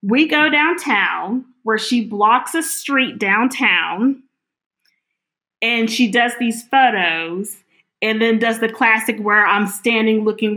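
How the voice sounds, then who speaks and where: A middle-aged woman telling her personal story in an interview, acting out the lines of the people she quotes. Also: on the high side. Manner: animated, acts out quoted dialogue.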